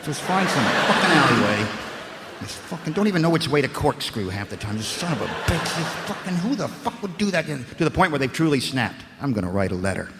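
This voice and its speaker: A foul-mouthed American comic rants through his stand-up set in a slightly high voice, often climbing into loud shouts. His voice carries a long reverb in the club, over loud background noise. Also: very animated, a little fast. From United States. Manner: profane, ranting, shifts into loud shouting. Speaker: stand-up comedian. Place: comedy club stage with a live audience.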